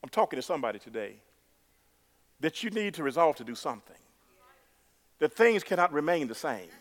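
A man's voice: fairly high pitch, big pitch swings, brisk, in a large hall. A man preaching a sermon, repeating words for emphasis and calling the congregation "y'all".

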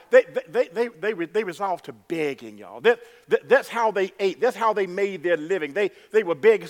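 A man's voice: sits high, in a large hall. A man preaching a sermon, repeating words for emphasis and calling the congregation "y'all".

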